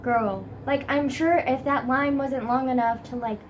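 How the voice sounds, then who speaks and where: A teenage girl sits on her bed and rambles through a casual vlog, dramatic and full of fillers. Her voice sits fairly high, with a faint noise behind it. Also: fairly even intonation, a little slow, rough recording. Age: teens. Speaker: vlogger. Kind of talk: casual vlog chat about school. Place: bedroom, sitting on a bed.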